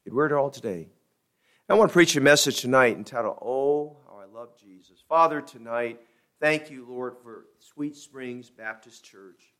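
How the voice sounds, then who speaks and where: A male pastor preaching a sermon, telling a folksy joke and then reading scripture slowly and emphatically. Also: mid-range voice, fairly bright tone.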